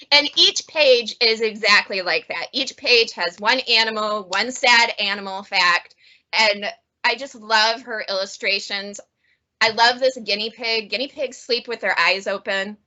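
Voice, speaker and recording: Chatty bright-voiced woman librarian. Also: fairly high pitch, dull audio. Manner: chatty, laughs often, animated. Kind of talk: casual book review chat.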